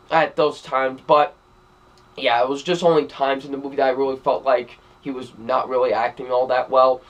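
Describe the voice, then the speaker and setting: A young man giving a casual spoken film review, rambling with many fillers and repeated phrases. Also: mid-range voice. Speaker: movie reviewer.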